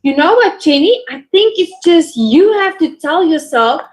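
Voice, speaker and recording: A woman's voice: big pitch swings, measured pace, poor audio. A woman English teacher coaching a student in a live online lesson, encouraging and acting out little dialogues. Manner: encouraging, acts out little dialogues with pitch swings.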